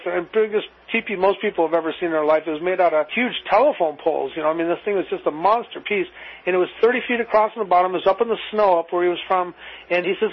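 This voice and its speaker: A man's voice: high voice, slightly rough. A man spinning a long, rambling anecdote as an interview guest, acting out both sides of the dialogue. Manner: rambling, acts out dialogue with "I says". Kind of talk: anecdotal storytelling. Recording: muffled lo-fi recording.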